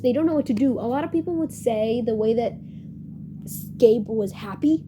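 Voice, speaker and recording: A woman's voice: fairly high pitch, noisy background. A young woman hosting a casual podcast review, talking in a gushing, emotional way and rambling with many fillers. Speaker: podcast host reviewing a series.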